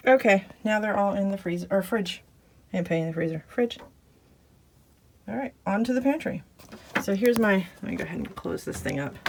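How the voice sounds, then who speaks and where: A woman with a lowish voice and vocal fry addresses the camera from inside her small RV while handling chores. Background noise is present as she chats away, breathless and laughing at her own expense.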